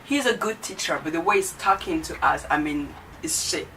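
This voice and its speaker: A woman's voice: fairly low pitch, moderate pace, a bit bright, recorded from a distance, a little hiss or hum, rough recording. A young woman, a student, ranting bluntly and heatedly in casual chat. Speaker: student vlogger.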